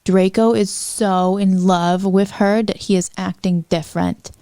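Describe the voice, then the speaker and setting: A woman's voice: mid-range voice, steady tone, measured pace, warm tone, clean tone, dry recording, studio quality. A woman hosting a podcast, reading fanfiction aloud with wry, apologetic asides.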